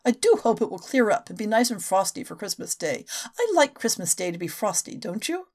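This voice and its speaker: A woman's voice: medium pitch, big pitch swings, a little fast, darkish tone. A woman reading the lines of a polite, timid village woman making small talk about the weather. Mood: chatty. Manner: politely chatty.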